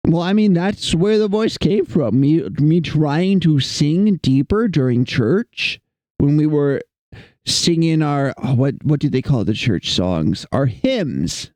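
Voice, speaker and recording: A young man livestreams while drawing, chatting with viewers in a slightly high, animated voice that's slow and darkish in tone. He rambles, jokes and mocks himself. There's no room sound.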